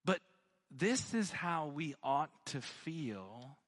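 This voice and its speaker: A man's voice: on the high side, big pitch swings, very slow. A man preaching a sermon, telling a personal story and building to fervent emphasis. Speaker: pastor.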